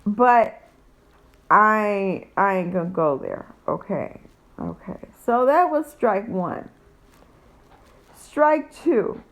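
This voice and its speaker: A woman's voice: medium pitch, animated, extremely slow, pauses often, rough recording. Blunt, profane middle-aged woman venting. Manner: rambling with many fillers. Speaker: vlogger. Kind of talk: casual storytelling.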